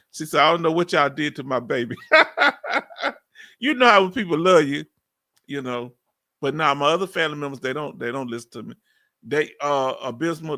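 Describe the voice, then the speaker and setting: This man's voice sits fairly high, with a bright, forceful tone. He's a fifty-something veteran from Texas with a Southern accent, running a laid-back live stream where he reads out viewer comments, laughs a lot, and tosses in drawling, chatty remarks.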